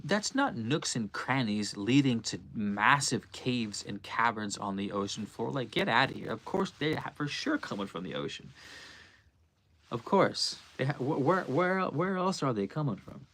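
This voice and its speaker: A man's voice: medium pitch, very animated, a little slow, a bit bright. A man hosting a casual livestream, musing aloud in a loose, slangy way. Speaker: livestream host.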